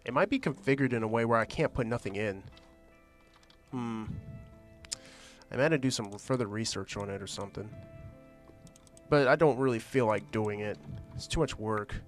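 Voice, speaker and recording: A man's voice: mid-range voice, moderate pace, pauses often, faint music behind. A man giving casual, rambling commentary while he plays a modded block-building game, thinking aloud and trailing off into restarts. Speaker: gaming channel host.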